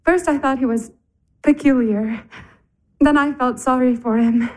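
An actress playing a passionate, blunt sister who speaks in an urgent, confessional way. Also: female voice, high voice, fairly even intonation, unhurried, a little mellow. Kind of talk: stage drama acting.

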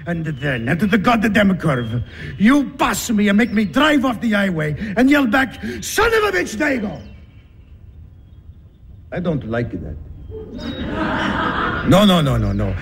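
Italian trucker, film drama: high, swooping, volatile voice, broken English, shouting and sobbing. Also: male voice, wildly swooping pitch, unhurried, full character voice. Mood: angry. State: crying. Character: hot-headed, tender-hearted male truck driver. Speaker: banana truck driver.

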